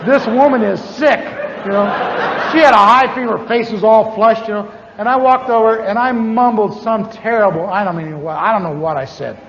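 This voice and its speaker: A preacher telling a personal testimony in a sermon, animated and chuckling, repeating his words for effect. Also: high voice, normal speed, slight background noise. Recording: dull lo-fi audio with long hall reverb.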